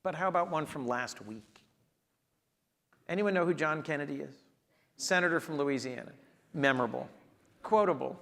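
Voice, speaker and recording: Man, 60s, senator, onstage conversation, earnest storyteller, emphatic, slightly high voice. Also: moderate pace, creaky, long pauses, fairly bright tone. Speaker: US senator, interview guest.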